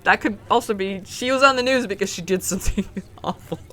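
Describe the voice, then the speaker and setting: Bright-voiced woman playing a game. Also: medium pitch, fairly quick. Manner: chatty, giggly, reacts aloud to the game. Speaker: gaming streamer. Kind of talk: let's play commentary, reading game dialogue aloud.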